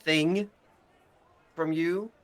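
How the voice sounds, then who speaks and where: A man's voice: a little high, steady tone, very slow, pitched above the performer's own voice. A man with an Australian accent voicing a weary, overworked female town official, dry and exasperated.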